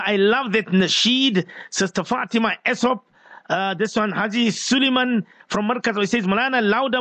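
A man's voice: extremely high pitch, bright, forceful tone. A man hosting a live radio call-in show, playful and coaxing, stretching words for emphasis. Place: radio studio.

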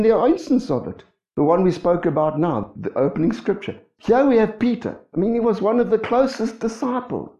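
A man's voice: on the high side, highs cut off. Guy preaching a sermon, swoops up and down a lot, keeps asking the church questions, echoey. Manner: animated, acts out quoted voices, asks the congregation questions. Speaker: pastor.

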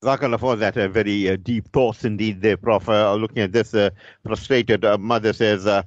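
A man hosting a radio talk show, reading out a listener's message in a measured, halting way with fillers. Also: on the low side, dry recording. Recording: muffled radio broadcast.

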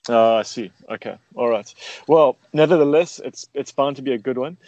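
A man's voice: mid-range voice, normal speed, a little mellow, dry recording, muffled recording. Man hosting a motoring chat, easygoing and jokey, dry close sound. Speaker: show host. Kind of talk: casual radio chat.

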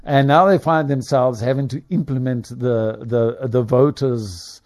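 A man hosting a business radio show, rambling and digressive, with many fillers and animated asides. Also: mid-range voice, measured pace.

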